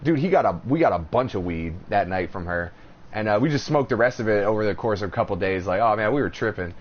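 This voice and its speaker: Brief: male podcast host, animated storyteller, swears freely, dull lo-fi recording with faint hiss. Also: on the low side, fast talker. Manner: animated storytelling, profane, acts out quotes. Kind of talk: casual chat. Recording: dull lo-fi audio, faint noise.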